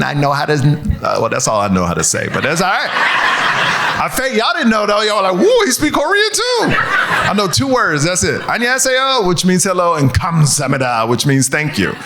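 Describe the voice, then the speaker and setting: A man performing a stand-up comedy set on stage, animated and playful, slipping into voices for the people in his stories. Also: a little high. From United States. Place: comedy club stage before a live audience.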